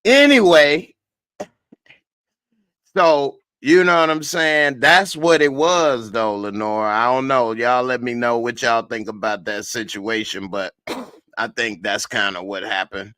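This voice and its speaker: A man's voice: mid-range voice, slow pace, bright, forceful tone, clean tone, no room sound. A man reviewing a TV episode in casual live-stream chat, tired and laid-back, reading viewer comments. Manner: laid-back, slangy, tired late at night. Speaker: TV show reviewer.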